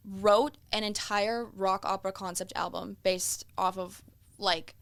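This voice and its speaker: A young woman, a singer, telling her story in a casual interview, animated and peppered with swearing. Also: medium pitch, a little slow, vocal fry. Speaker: guest singer.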